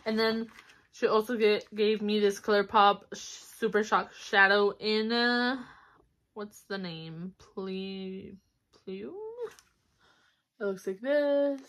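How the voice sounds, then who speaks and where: A woman's voice: medium pitch, takes it slowly, a bit bright. Chatty young woman filming a haul. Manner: chatty, upbeat, with fillers and little squeals of delight. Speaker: vlogger. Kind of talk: casual haul vlog chat. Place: home, indoors. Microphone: camera on a stand.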